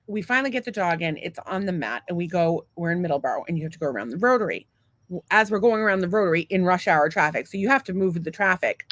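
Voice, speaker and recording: A woman's voice: on the low side, fairly bright tone, slight background noise. A woman co-hosting a podcast, telling a long story in a casual, rambling, profane and self-mocking way. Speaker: podcast co-host.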